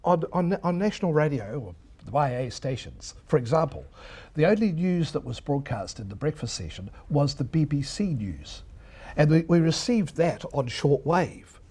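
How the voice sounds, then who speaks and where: A man's voice: a little high, big pitch swings, moderate pace, darkish tone, breathy edge. An older man, a veteran radio broadcaster lecturing students, telling anecdotes and mimicking old announcers. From New Zealand. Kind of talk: reminiscing lecture.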